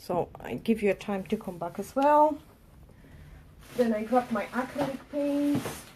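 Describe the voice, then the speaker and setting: A woman's voice: a little high, expressive, measured pace, background noise. A woman nail artist chatting on a live tutorial stream, narrating as she tidies her desk, with non-native phrasing. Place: home work desk.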